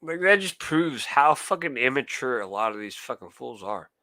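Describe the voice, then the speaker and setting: A man's voice: mid-range voice, big pitch swings, moderate pace, bright, forceful tone, dry recording. A young man streaming live, ranting heatedly and swearing a lot while answering his chat. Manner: profane, heated, talks to chat. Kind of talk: casual ranting monologue.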